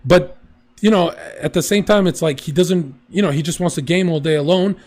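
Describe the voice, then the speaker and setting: A man talking in loose, casual chat, telling his stories with lots of energy and plenty of swearing. His voice sits a little higher than most men's. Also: a little fast. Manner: animated storyteller, swears freely.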